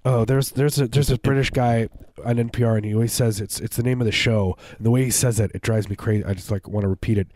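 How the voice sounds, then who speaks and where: A man's voice: mid-range voice, fairly even intonation, quick pace, hardly any pauses, a little mellow, no room sound, clean studio sound. A man co-hosting a podcast, chatting casually in a rambling, joking way. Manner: rambling, joking, easily amused. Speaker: podcast co-host. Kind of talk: casual chat.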